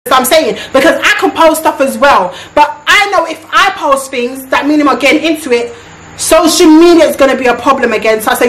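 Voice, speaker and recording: A woman with a high voice tells a storytime tale in a blunt, repetitive way and swears freely. Her voice rings with a roomy echo, and faint noise sits underneath. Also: a little fast, fairly bright tone. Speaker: vlogger. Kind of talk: storytime monologue.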